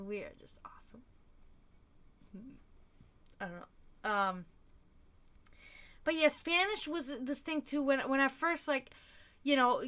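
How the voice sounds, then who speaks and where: A woman from Germany hosts her own stream and chats loosely, trailing off and restarting her sentences as she goes. Her voice sits a little high and has a forceful, bright edge. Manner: chatty and rambling, with frequent restarts. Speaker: livestream host. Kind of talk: casual chat.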